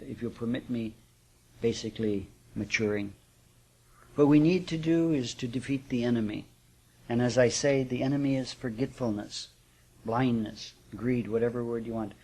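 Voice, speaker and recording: An older man gives a sermon as a spiritual teacher, his voice slightly husky. He speaks unhurriedly and reflectively, often repeating himself and restarting a thought. His pitch sits mid-range for a man. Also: a little mellow.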